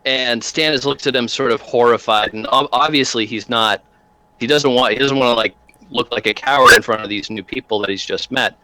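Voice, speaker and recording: A man narrating a tabletop game as game master, halting with many fillers and restarts. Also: medium pitch, pushed and bright, no room sound, rough recording.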